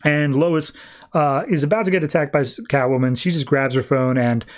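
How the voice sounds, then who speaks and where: A man hosting a podcast who recaps a comic in casual, animated talk. His voice sits a little higher than most men's, and he moves along briskly. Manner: animated, acts out characters. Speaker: podcast host.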